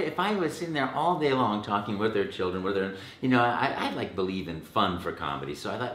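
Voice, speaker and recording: Animated male voice-actor guest, somewhat low voice, roomy echo. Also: fairly quick, hardly any pauses, slight background noise. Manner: animated, acts out quotes, many restarts. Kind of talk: casual interview storytelling.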